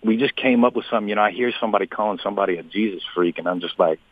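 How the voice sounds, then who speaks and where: An earnest man speaks over a tinny phone line, his voice sitting low. He talks in a halting way, restarting his sentences often. The sound is dry and close. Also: dry recording. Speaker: radio guest, musician. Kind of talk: phone interview testimony.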